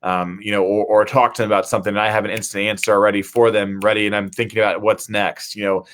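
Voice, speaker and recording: Midwestern man hosting a live chat show; low voice, casual, lots of "you know.". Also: little pitch movement, fast, fairly bright tone. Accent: American Midwest. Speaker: host, city mayor.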